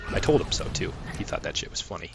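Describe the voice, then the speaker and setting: A young man rambling through casual gameplay commentary, swearing often and flaring up at the game. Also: quick pace. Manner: swears a lot, rambling, flares into angry outbursts. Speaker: gaming channel host. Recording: music playing loudly behind.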